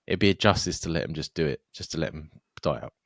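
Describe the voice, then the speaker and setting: A man's voice: a bass voice, lively intonation, fast, no room sound, clean studio sound. A young man co-hosting a podcast, ranting and joking with plenty of swearing. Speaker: podcast co-host. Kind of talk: casual chat.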